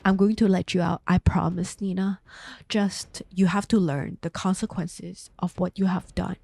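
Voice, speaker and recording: A woman voicing a calm, cruel, controlling husband who speaks quietly and flatly. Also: on the low side, normal speed, vocal fry, no echo. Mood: cold. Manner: quiet, flat, chillingly calm.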